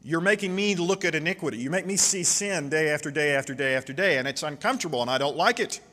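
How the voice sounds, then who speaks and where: A man preaching a sermon in a church, reading scripture aloud with passionate, slowed emphasis. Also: on the high side, bright, forceful tone, long reverb tail. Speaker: pastor.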